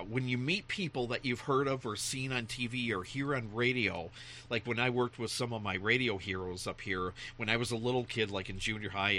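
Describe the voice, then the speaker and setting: Bright-voiced man telling lively stories. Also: lowish voice, slight background noise. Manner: animated storyteller who acts out voices, laughing often. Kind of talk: casual chat.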